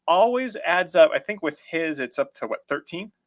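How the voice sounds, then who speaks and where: A man's voice: on the high side, lively intonation, moderate pace, no echo. Man, magic show co-host, casual chat, rambling with restarts, dry mic. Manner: rambling, restarts often, laughs easily. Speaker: podcast co-host.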